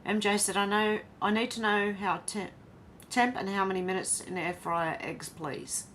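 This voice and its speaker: An Australian woman reads viewer comments aloud and chats back while hosting a casual livestream. She talks at normal speed in a mid-range, fairly bright voice, with slight background noise.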